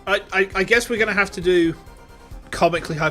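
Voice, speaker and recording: A young British man streaming a game, animated and joking, swearing and stammering as he comments. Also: high-pitched, fast, faint music behind.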